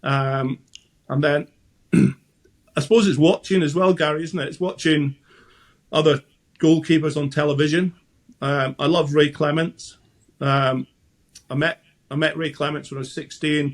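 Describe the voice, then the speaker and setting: Brief: Scottish man in his sixties, interview guest spinning chatty stories, restarts often, slightly high voice. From Scotland. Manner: chatty anecdotal storyteller, frequent restarts. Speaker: guest, former goalkeeper. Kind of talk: casual interview chat.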